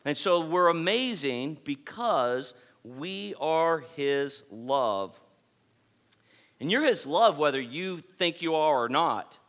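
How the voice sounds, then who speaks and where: A man's voice: on the high side, fairly bright tone. A man preaching a sermon to his congregation, emphatic and repetitive, building points through repeated phrases. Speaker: pastor.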